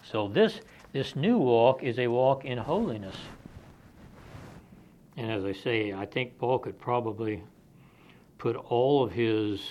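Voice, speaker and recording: A man delivers an expository sermon in a mid-pitched, conversational voice. He reads scripture aloud and then explains it in plain, everyday terms. The recording sounds somewhat dull and lo-fi. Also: darkish tone, a little hiss or hum. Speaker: preacher.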